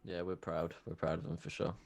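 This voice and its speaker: A man with an English accent, a band member, throwing in deadpan one-line jokes during an interview. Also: low-pitched, a little fast, vocal fry. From England.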